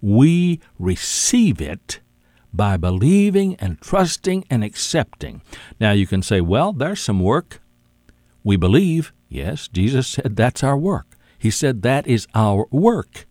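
A man's voice: medium pitch, sing-song, a little mellow, no room sound. A man preaching a sermon, emphatic and repetitive, often calling the listener "my friend". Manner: emphatic, repeats key words, drawn-out phrasing.

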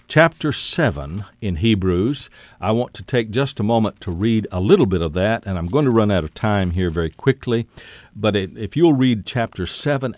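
Slow lower-voiced guy preaching, swings up and down a lot, dry close sound. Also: darkish tone, dry recording. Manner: emphatic, repeats key words, drawn-out phrasing; addresses listener as "my friend". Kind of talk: sermon.

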